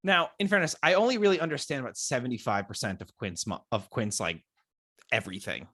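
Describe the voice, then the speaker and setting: A young man co-hosting a podcast, telling jokey stories in casual chat with playful, animated delivery. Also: medium pitch, fast talker, no echo, studio quality. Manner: animated storyteller, playful put-on voices. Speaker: podcast co-host.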